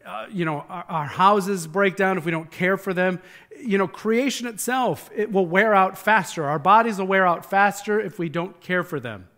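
High-voiced man preaching a conversational sermon. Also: normal speed, sharp tone. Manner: earnest, emphatic, with frequent repeated words. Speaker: pastor.

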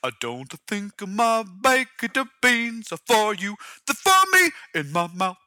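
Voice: mid-range voice, sing-song, takes it slowly, sharp tone, dry recording, clean studio sound, heavily acted. A comic performer voicing a folksy older male singer-songwriter with a drawl.

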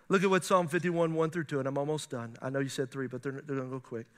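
Animated high-voiced male pastor preaching. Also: quick pace. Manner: animated preaching with playful asides and laughs. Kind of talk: sermon. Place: church before a congregation.

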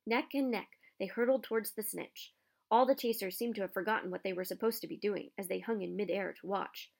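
A woman reading a storybook aloud, narrating with expressive pacing and a medium-pitched voice. She keeps the story moving and shapes each sentence with feeling. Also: brisk, gravelly.

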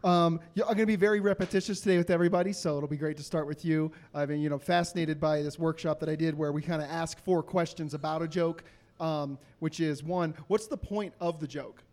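A man's voice: a little high, steady tone, a little fast, darkish tone. A man giving earnest, rambling feedback on a comedian's jokes. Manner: rambling, earnest, many fillers. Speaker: comedy judge.

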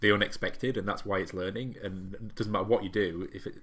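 Man with a really deep voice, thinking out loud on a podcast, halting, lots of ums. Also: fairly even intonation. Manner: reflective, halting, with many restarts and ums. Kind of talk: casual chat.

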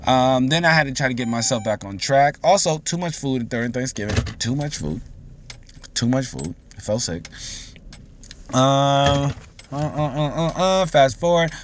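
A man's voice: medium pitch, lively intonation, normal speed, slight background noise. A man in his thirties venting and rambling in a casual vlog from his car, swearing often and getting heated. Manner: profane, rambling, heated ranting. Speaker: vlogger.

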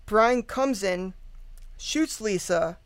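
A woman guest tells a true-crime story in loose, rambling chat, full of fillers, laughter and swearing. Her voice sits at a middle pitch. The recording is dry, with no room echo. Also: animated, drawn-out words. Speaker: podcast guest.

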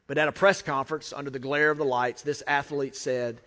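A man's voice: mid-range voice, steady tone, a little fast, pushed and bright. A man with an American accent preaching a sermon as a pastor, talking conversationally with emphatic repetition. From United States. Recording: long reverb of a large hall.

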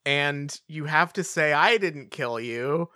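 Podcast co-host, incredulous and mocking, laughs a lot, mid-pitched, close dry sound. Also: takes it slowly, sharp tone, no room sound. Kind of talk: casual podcast chat.

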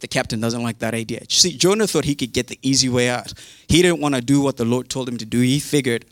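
A man's voice: mid-range voice, fast talker, fairly bright tone, no echo. Chatty, humorous male preacher. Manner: chatty and humorous, with modern slang. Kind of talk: casual sermon retelling a Bible story.

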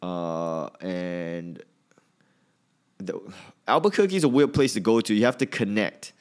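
A man's voice: low voice, a little slow, a little mellow, smooth. A man who is a stand-up comedian, chatting casually in a rambling, self-deprecating monologue.

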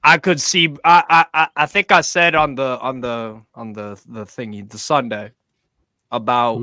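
A man's voice: medium pitch, fairly even intonation, a little slow, pushed and bright, dry recording. A man co-hosting a casual football chat, hesitant and often trailing off.

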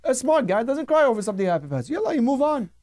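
A man playing a mocking philosopher, high and pushy, bouncing pitch, insistent questions. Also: very animated, rapid-fire, a little mellow. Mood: scoffing. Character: scoffing male philosopher, adult, sure of himself.

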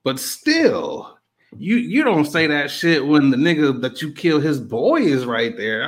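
Animated man, slangy and profane. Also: fairly high pitch, measured pace. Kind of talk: casual chat about a music event.

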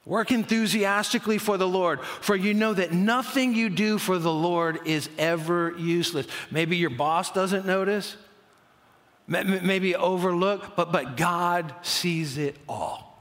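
Male pastor, high voice, animated sermon delivery, stammers, long hall reverb. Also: a little slow. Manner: energetic, stammering restarts, animated.

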